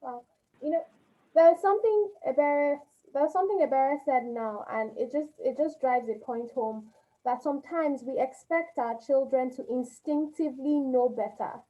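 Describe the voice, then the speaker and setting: A woman's voice: high-pitched, moderate pace, mellow. A woman hosting a webinar, reflecting thoughtfully on what her guest just said. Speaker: webinar host. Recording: dull lo-fi webinar audio.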